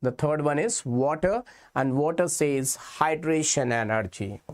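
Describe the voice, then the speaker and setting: Slow, repetitive Indian-accented chemistry teacher. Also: male voice, a little high, expressive. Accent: Indian English. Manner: slow, repetitive explaining, addressing students as kids. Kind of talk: exam-prep lecture.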